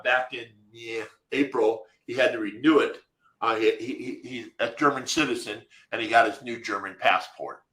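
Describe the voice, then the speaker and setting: A man's voice: medium pitch, pushed and bright, echoey room, low-quality recording. A man co-hosting a live webinar, answering viewer questions from the chat in an emphatic, direct way. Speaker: webinar co-host.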